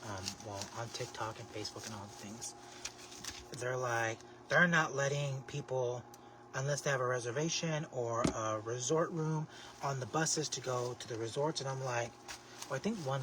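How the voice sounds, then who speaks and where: A man hosting a casual craft livestream, chatting to viewers in a sassy, expressive way with lots of exclamations. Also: medium pitch, moderate pace, recorded from a distance. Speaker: livestream host making a craft basket. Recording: steady background noise.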